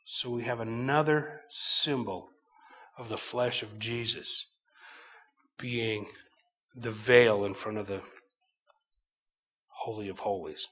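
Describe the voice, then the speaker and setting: A middle-aged man preaching a sermon, teaching from scripture slowly and emphatically, swinging between loud bursts and quiet asides. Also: on the low side, fairly even intonation.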